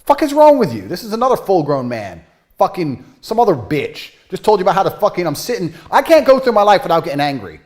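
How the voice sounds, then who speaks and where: Brief: man voicing loud boastful influencer, British accent with patois slips, swears constantly, very animated. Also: high voice, fast talker. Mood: ranting. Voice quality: swearing, ranting. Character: brash macho male influencer, angry, boastful.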